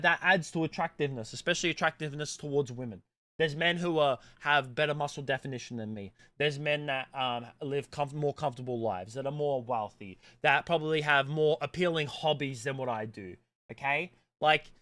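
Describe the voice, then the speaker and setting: Young male streamer, casual and crude, slightly high, tense and bright. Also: dry recording. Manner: blunt and crude, swearing freely; rambling, with restarts and pitch swings. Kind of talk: casual chat.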